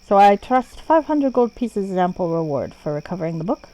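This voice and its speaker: A woman's voice: medium pitch, sing-song, brisk, mellow, lightly acted. A woman voicing a pompous older male scholar character in a game, haughty and self-satisfied.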